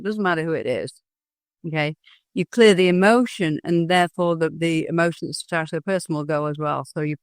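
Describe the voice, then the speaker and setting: Earnest, animated middle-aged woman guest. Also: fairly low pitch, no echo, studio quality. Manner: earnest, animated storytelling with frequent restarts. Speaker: guest, hypnosis and NLP trainer. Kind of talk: candid interview talk.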